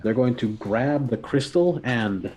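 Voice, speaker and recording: A man narrating as game master, relaxed and pausing often with fillers. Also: medium pitch. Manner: relaxed, with frequent filler pauses.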